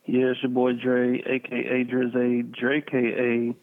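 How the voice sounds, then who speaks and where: A man's voice: mid-range voice, completely flat delivery, a little slow. Joking man on a tinny phone line. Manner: joking, slangy. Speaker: podcast co-host. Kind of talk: casual banter.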